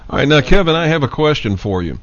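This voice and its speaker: A man's voice: fairly high pitch, sing-song, quick pace. A man hosting a talk radio show, asking brief, direct questions and thanking callers. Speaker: radio host. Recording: dull lo-fi radio audio.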